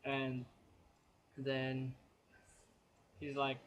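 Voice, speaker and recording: A man's voice: mid-range voice, completely flat delivery, very slow, a bit bright, a little hiss or hum. A man giving a casual spoken comic book review, chatty and rambling as he retells the plot.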